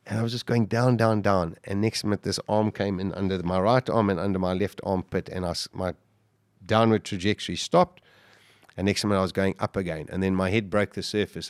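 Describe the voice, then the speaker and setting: A man's voice: a little fast, no room sound, studio quality. Intense South African man telling a survival story. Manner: vivid, acts out shouts and quotes, voice jumps high when excited. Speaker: guest.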